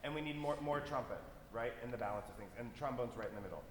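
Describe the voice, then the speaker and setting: A man's voice: mid-range voice, quick pace, background noise. A man conductor rehearsing an orchestra, coaching players, singing phrases in syllables and asking "yeah?" to check they follow. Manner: coaching, sings phrases in syllables, tag questions. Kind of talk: rehearsal instruction. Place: large concert hall. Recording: echoey hall from far off.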